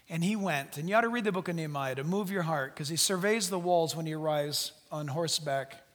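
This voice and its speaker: A man's voice: on the high side, brisk, hardly any pauses. A man preaching a sermon, speaking animatedly to the congregation and acting out the voices in the biblical dialogue. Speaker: pastor. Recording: long hall reverb.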